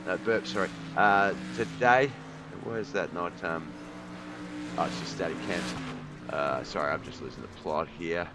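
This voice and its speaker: A man hosting a live sim racing broadcast on a headset mic, scattered and apologetic, thinking out loud between notes, with the hiccups. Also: low voice, a little slow, vocal fry, very noisy. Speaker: race commentator and stream host.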